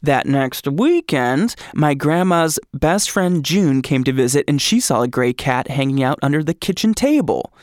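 A male podcast host chats in an excitable, gushing way and slips jokes in as he reads listener stories. His voice sits a touch high and sounds dry and close to the mic. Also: measured pace, few pauses, no room sound. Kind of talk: casual podcast chat and reading listener stories.

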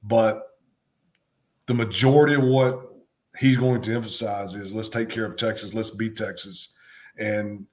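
Low-voiced former coach, emphatic and repetitive. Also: male voice. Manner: emphatic, repeats phrases for stress. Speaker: co-host, former football coach. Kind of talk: casual sports talk.

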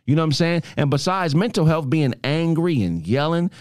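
A man's voice: on the high side, animated, fairly quick, a little mellow, no room sound, studio quality. A man in a casual group chat, talking bluntly and emphatically with heavy profanity.

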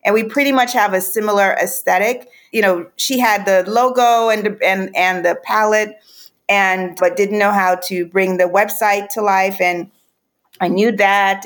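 A woman who co-founded a company, chatting casually as a guest in a podcast interview. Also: medium pitch.

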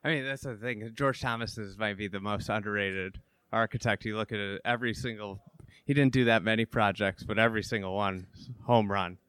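Smooth-voiced chatty male host. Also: fairly low pitch, fairly even intonation, brisk, fairly bright tone, dry recording. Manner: enthusiastic, chatty, filler-heavy. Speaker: interview host. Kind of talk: casual interview talk.

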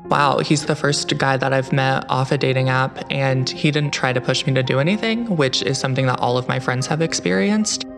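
A young man telling his own true story in the first person, in an earnest, measured way. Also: mid-range voice, vocal fry. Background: music.

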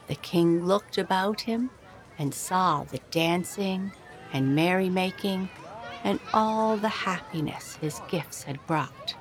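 A woman reading a storybook aloud in an expressive storytelling manner. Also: fairly low pitch, a little hiss or hum, low-quality recording.

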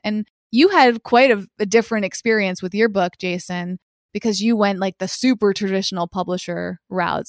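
A woman's voice: medium pitch, clean tone, no echo, clean studio sound. A woman hosting a podcast, prompting her co-host with friendly questions. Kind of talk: casual interview chat.

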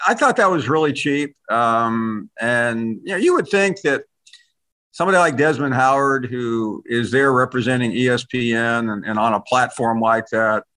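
A man's voice: mid-range voice, expressive, moderate pace, bright, forceful tone. A middle-aged man with a Southern US drawl, a sports commentator guest on a podcast, wry and outspoken with stammering restarts. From Memphis, US South. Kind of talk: casual podcast interview.

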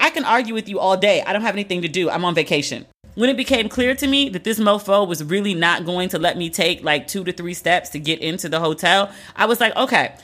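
A woman, casually telling a story and voicing her exasperation as she quotes the people in it. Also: mid-range voice. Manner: animated, exasperated retelling with quoted dialogue.

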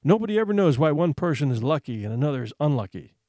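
A man voicing a bitter, weary mother, answering slowly with a raised, lively pitch. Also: no room sound. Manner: slow, bitter, sighing replies. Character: bitter, weary adult mother worried about money.

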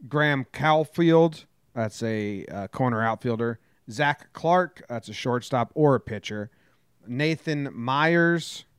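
A man's voice: medium pitch, animated, slow, smooth, dry recording, studio quality. A man hosting a casual sports podcast, talking bluntly and grumpily, with some swearing. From New Jersey. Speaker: podcast host.

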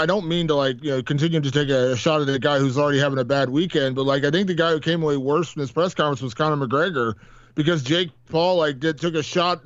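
A male podcast co-host chats casually, rambling along with lots of fillers and restarts. His voice is a little high, and the recording is dry with a lo-fi sound.

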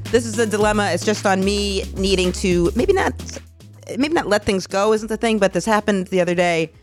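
A young woman hosting a podcast, telling stories in a chatty, animated way in casual conversation. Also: mid-range voice, moderate pace, faint music behind. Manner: chatty, animated storytelling with swearing and laughter. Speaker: podcast host. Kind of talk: casual chat.

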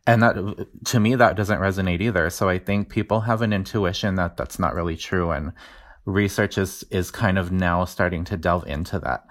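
Low-voiced male linguistics professor. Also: moderate pace. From New Mexico. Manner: relaxed, explanatory, uses fillers. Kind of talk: conversational interview, explaining.

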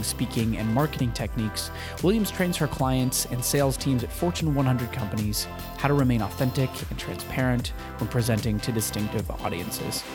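A man hosting a podcast interview, upbeat and chatty, with frequent fillers. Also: mid-range voice. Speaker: podcast host.

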